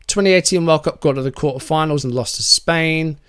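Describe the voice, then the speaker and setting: A man's voice: fairly high pitch, fairly quick, fairly bright tone, clean tone. A man giving casual game commentary, musing aloud as he reviews results and reacts with easy surprise. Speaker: gaming YouTuber.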